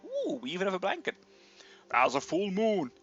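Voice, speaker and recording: Bright, animated young man reading a gamebook. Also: high voice, normal speed, lo-fi sound, soft background music. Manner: playful, animated, breaks in with jokey comments. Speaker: reader of a gamebook. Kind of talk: gamebook reading with joking asides.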